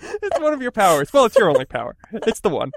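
A man's voice: sits high, wildly swooping pitch, fast, no room sound. A man co-hosting a casual comedic chat, dry and playfully pedantic in his banter. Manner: dry, playfully pedantic, jumps into silly put-on voices. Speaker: podcast co-host.

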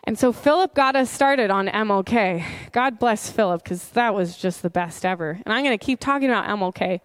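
A woman preaching a sermon, earnest, reading scripture slowly and with emphasis. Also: medium pitch, no echo, studio quality. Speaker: pastor.

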